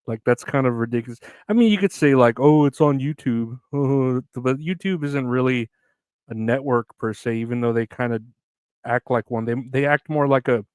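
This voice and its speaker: A man's voice: mid-range voice, clean tone, no room sound. A man hosting a solo comedy podcast, riffing on news headlines in a sardonic, profane, rambling way with many restarts. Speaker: podcast host.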